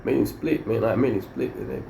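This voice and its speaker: A man's voice: on the low side, big pitch swings, brisk, gravelly, warm tone. A middle-aged man, a former prison inmate telling a rambling story full of slang and fillers. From Mexico. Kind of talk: casual storytelling. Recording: roomy echo with faint background noise.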